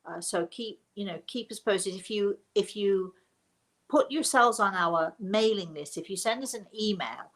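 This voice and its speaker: A woman's voice: mid-range voice, a little slow, fairly bright tone. A middle-aged woman from England hosting a live question and answer stream as a psychic medium, talking in a chatty, rambling way with many restarts. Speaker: psychic medium and show host.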